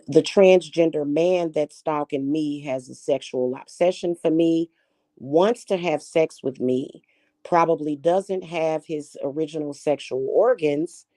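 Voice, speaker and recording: A woman's voice: deep voice, a little mellow, dry recording. Angry woman ranting, dry close sound. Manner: heated, profane, repetitive ranting. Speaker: spiritual reader and vlogger. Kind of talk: angry monologue vlog.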